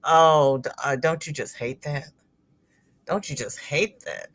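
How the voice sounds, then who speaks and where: Slow-talking woman livestream host. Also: low voice. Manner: chatty and expressive, with sudden exclamations. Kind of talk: casual livestream chat, reading viewer comments aloud.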